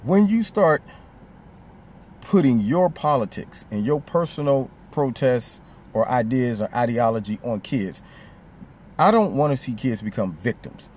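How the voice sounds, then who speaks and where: A man's voice: medium pitch, animated, measured pace, darkish tone. Man talking opinion commentary. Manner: conversational, emphatic, slips into quoted voices. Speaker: vlogger.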